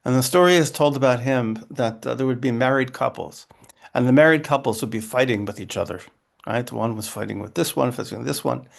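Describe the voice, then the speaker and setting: A man's voice: mid-range voice, brisk, vocal fry. A man, a rabbi, explaining ideas in a dialogue, often restarting phrases and checking in with "right?" and "okay?". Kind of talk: interfaith dialogue talk.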